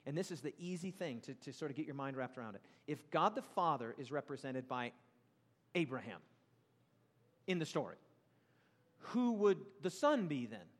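Brief: male pastor, sermon to a live church, high voice, lively questioning delivery, hall reverb. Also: moderate pace, pauses often. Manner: animated, questions the congregation, big swings in pitch and loudness. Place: church sanctuary.

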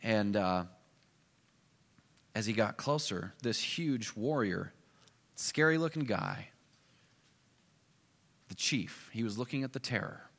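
A male preacher telling a story in a sermon. He swings between loud bursts and hushed asides. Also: fairly low pitch, lively intonation, slow, gravelly, pauses often. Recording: echoey hall.

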